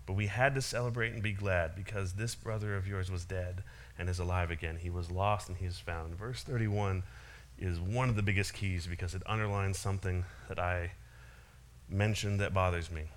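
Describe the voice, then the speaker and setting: A man's voice: fairly low pitch, normal speed, a bit bright. A man giving a casual sermon, retelling a parable with frequent small laughs and restarts. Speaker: preacher.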